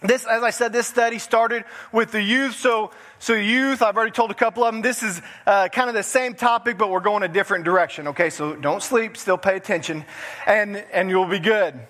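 High and brisk, a bit bright, his voice trails off into a long reverb tail. The man is a pastor in a church sanctuary, weaving storytelling into a folksy sermon and chuckling along the way.

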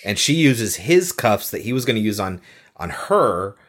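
Woman, podcast co-host, animated movie recap, swears casually, lively pitch. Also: moderate pace.

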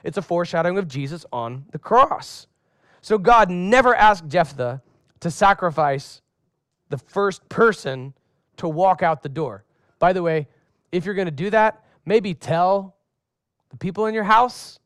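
A man with a high voice preaches a lively sermon, slipping into acted-out voices for comic effect and calling on the congregation to respond. The sound is close and dry, with no room around it. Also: unhurried, dry recording. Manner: asks the congregation questions and has them respond. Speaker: pastor.

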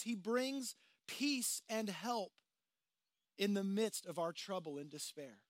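A man's voice: high voice, no echo, clean studio sound. A man preaching a sermon in a casual, conversational way, acting out the voices of the people in the story. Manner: conversational, dramatizing voices of the disciples. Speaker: pastor. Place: outdoors by the water.

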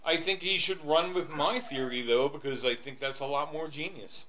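A man's voice: fairly high pitch, moderate pace, a crowd in the background, low-quality recording. A man co-hosting a podcast in casual chat, hesitant with stammering restarts. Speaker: podcast co-host.

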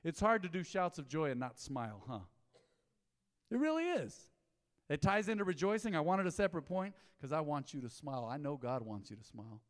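A man preaching a sermon as pastor, animated and conversational, calling on the congregation to repeat words after him. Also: a little high, brisk, big-room sound.

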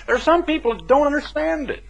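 A man's voice: very high voice, expressive, fairly quick, gravelly. A man preaching a sermon in an emphatic, folksy way, with asides to his listeners. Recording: dull lo-fi 1980s broadcast recording.

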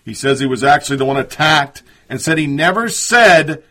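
A man's voice: fairly high pitch, lively intonation, normal speed, bright, forceful tone. A man hosting a commentary show, reading listener messages and news with a sarcastic edge. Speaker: host.

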